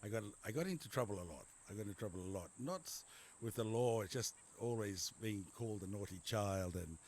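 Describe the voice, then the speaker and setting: This middle-aged GP guest from Papua New Guinea has an Australian accent and an expressive, slightly mellow voice on the low side, talking fairly quickly over slight background noise. He drifts through his life story in a conversational interview, using many fillers and repeating words.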